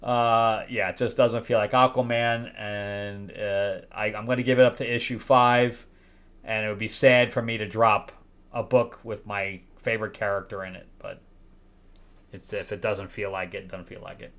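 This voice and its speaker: A man giving a casual spoken review of comic books, candid and wry, pausing often with fillers and restarts. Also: fairly low pitch, level tone. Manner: candid and wry, with loud incredulous outbursts; hesitant, many fillers and restarts.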